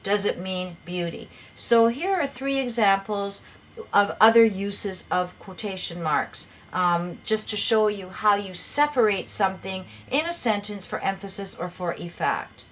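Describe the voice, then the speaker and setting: A woman's voice: medium pitch, unhurried. A middle-aged woman teaching an English grammar lesson, explaining patiently and sometimes repeating words as she goes.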